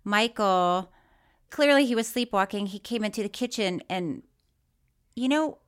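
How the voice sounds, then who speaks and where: A woman co-hosting a podcast in casual chat, animated and laughing often as she tells stories. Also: mid-range voice, unhurried, clean tone. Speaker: podcast co-host.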